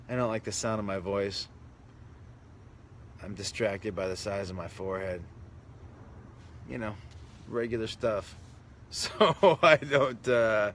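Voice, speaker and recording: A man's voice: fairly low pitch, fairly bright tone, slight background noise. A man, a comedian, chatting casually on a live stream, reading comments with self-mocking, mock-indignant jokes.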